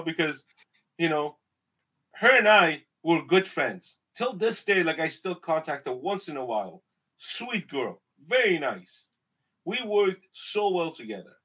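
A man's voice: medium pitch, husky, rough recording. A man with an Iranian accent, a podcast guest telling stories in a casual, emphatic way. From Iran. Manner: animated, emphatic storytelling. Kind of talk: casual conversation.

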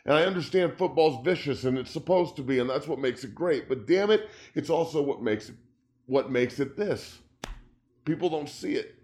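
A man's voice: on the high side, normal speed, a little mellow. A middle-aged man, a former pro football player, hosting a sports talk show from his studio, speaking with passion, swearing freely, his voice climbing when he gets worked up. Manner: impassioned, profane, voice rising when upset. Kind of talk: emotional sports talk monologue. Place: home studio.

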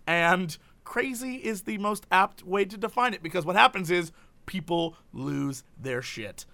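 A young man in casual comedic chat with a friend, animated and jokey, rambling with restarts. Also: high-pitched, a little slow, creaky. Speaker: co-host.

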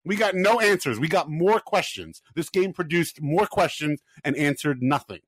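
Casting note: man co-host, slightly high voice, dry recording, exasperated sports banter. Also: lively intonation, moderate pace, a bit bright, breathy edge, no echo. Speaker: podcast co-host. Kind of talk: casual sports talk.

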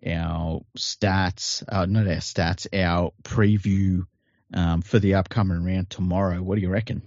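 A man with an Australian accent co-hosting a podcast, talking sport in a laid-back, halting way. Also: deep voice, flat delivery, a little mellow, no echo, dull audio. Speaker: podcast co-host. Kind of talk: casual sports chat.

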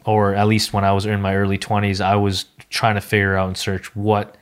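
Low-voiced man talking through restarts. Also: completely flat delivery, fairly quick. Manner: rambling, many restarts and fillers. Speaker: podcast host. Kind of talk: casual conversation.

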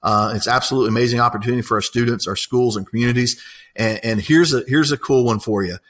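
A man's voice: mid-range voice, fast talker, a bit bright. A man, an apprenticeship coordinator telling stories in a casual, enthusiastic interview, rambling with many fillers.

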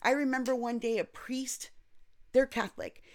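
A woman, a former NICU mom, telling stories in a lively, expressive casual chat. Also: fairly high pitch, normal speed. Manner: animated, expressive storyteller. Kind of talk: casual storytelling.

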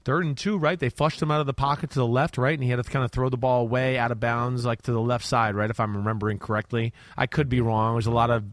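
A middle-aged man from New York breaking down football plays in a casual, animated way, sometimes shouting as he relives the action. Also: mid-range voice, fast talker, hardly any pauses, no room sound. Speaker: football analyst co-host. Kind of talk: casual sports film breakdown.

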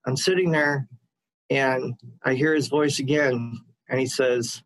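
A man calling in to a radio show, telling a personal story in an earnest, halting way with frequent restarts. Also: mid-range voice, fairly even intonation, a bit bright, no echo, poor audio. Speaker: caller.

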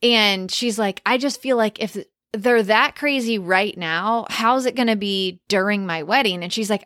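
A woman wedding planner talks through her podcast in a chatty, emphatic way, acting out quoted remarks as she goes. Her voice sits at a middle pitch. The sound is dry and close, with no room around it. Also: a bit bright, dry recording. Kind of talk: casual podcast monologue.

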